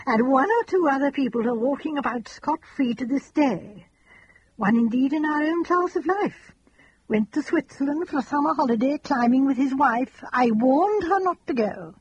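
A woman reading an audiobook, voicing a gentle, fussy elderly spinster who talks in a chatty, earnest, rambling, old-fashioned way. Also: sits high, animated, moderate pace, no room sound, highs cut off.

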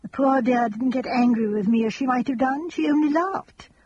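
A gentle, fussy elderly spinster, as a woman reader puts her on, chatting on in an earnest, rambling, old-fashioned way. The voice sits fairly high and is very husky and breathy. The recording is a little dull and lo-fi. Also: moderate pace, no echo. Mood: chatty earnest. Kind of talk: audiobook reading.

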